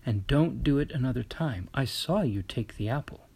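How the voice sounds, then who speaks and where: Man doing humble old shoemaker, calm, firm, husky, storybook. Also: mid-range voice, normal speed.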